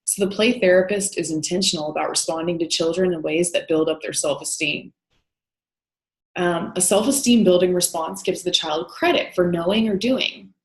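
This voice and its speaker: A woman's voice: fairly low pitch, normal speed, echoey room, poor audio. A woman teaching counseling in a recorded lecture, explaining step by step with frequent "um" and "you know". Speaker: counseling instructor.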